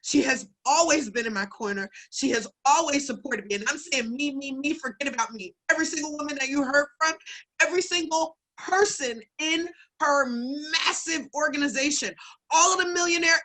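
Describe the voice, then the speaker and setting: A woman's voice: high-pitched, moderate pace, rough recording. A woman giving a heartfelt personal testimony at an online event, telling her story with strong feeling before she introduces the host. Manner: heartfelt, builds up to excited retelling then hushed.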